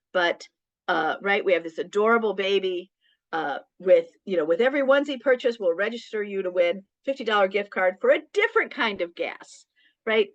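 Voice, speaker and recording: A woman's voice: medium pitch, no echo. Chatty woman giving a business talk. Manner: conversational, frequent ums and tag questions. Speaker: small business workshop presenter. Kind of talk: casual presentation. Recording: dull, dry lo-fi sound.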